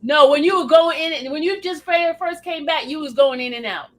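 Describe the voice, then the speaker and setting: A woman hosting a livestream in casual chat, with blunt, quick retorts. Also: sits high. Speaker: livestream host.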